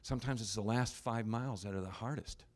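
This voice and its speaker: A man's voice: fairly low pitch, brisk. A man preaching a sermon as a pastor, in a conversational, wry way with asides and restarts.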